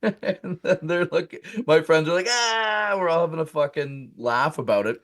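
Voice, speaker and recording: A man's voice: fairly high pitch, normal speed. Man telling a comic story, laughing. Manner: animated, laughs through his story, many fillers. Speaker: comedian guest.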